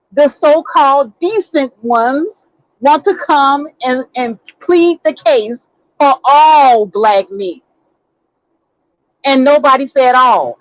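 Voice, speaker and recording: A woman's voice: high voice, no room sound. A woman hosting her own live stream, talking casually and emphatically to viewers and repeating her key words. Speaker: host. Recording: dull lo-fi dry sound.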